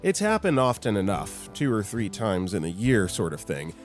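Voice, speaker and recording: A man narrating stories in an expressive, scripted delivery. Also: lowish voice, moderate pace. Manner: expressive storytelling. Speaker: story narrator. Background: faint guitar music.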